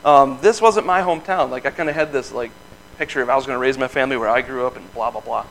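A man in his thirties from the Midwest giving an informal testimony at a church, telling a story in an earnest, folksy way with quick laughs. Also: mid-range voice, creaky, fairly bright tone, slight background noise, poor audio. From Michigan. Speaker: lay speaker giving testimony.

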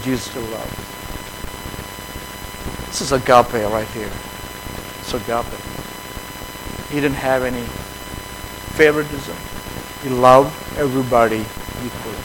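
A man preaching a conversational sermon to his fellowship, switching between quiet reflection and animated acted-out dialogue. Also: mid-range voice, normal speed, long pauses, noisy background.

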